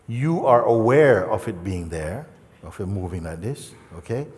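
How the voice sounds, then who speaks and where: A man giving a gentle, conversational spiritual talk in a large hall, acting out the people he quotes. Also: fairly low pitch. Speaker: spiritual teacher. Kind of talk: satsang talk. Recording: reverberant hall.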